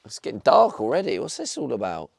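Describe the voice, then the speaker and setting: A man's voice: medium pitch, wildly swooping pitch, fast talker, creaky. A young man streaming live from his van, chatting casually and bantering with his viewers. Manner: chatty, swears, talks back to chat.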